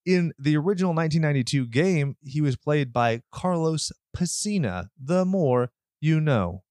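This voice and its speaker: A man's voice: fairly high pitch, expressive, moderate pace, darkish tone, no room sound. A man co-hosting a horror movie podcast, talking in a sarcastic, joking way and swearing freely. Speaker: podcast co-host. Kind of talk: casual movie review banter.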